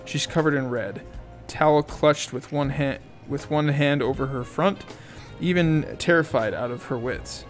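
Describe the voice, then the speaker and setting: A man reading first-person audiobook narration in an amused, lively way. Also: fairly high pitch, a little slow, soft background music.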